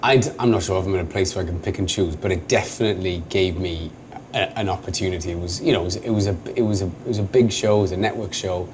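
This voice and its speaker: A Welsh man in his thirties, an actor guest telling stories in a casual interview, self-deprecating and quick to laugh. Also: deep voice. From Wales. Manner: animated storyteller, self-deprecating, laughs often. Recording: noisy background.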